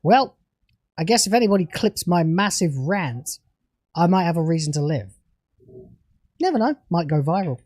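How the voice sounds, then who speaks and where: High-voiced British man ranting profanely. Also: very animated, normal speed, pauses often, a little mellow, no room sound, clean studio sound. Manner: profane, furious ranting that later cools to casual chat. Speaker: TV show reviewer. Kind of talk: livestreamed review rant.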